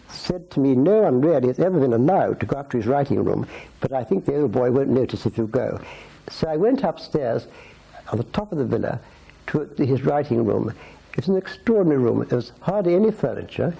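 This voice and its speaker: A man's voice: fairly high pitch, creaky, dark tone, slightly rough, poor audio. A man in his eighties telling long rambling stories about his past in a filmed interview at his home. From Scotland. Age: 80s. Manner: rambling, anecdotal, with restarts and asides. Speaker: interviewee, society photographer.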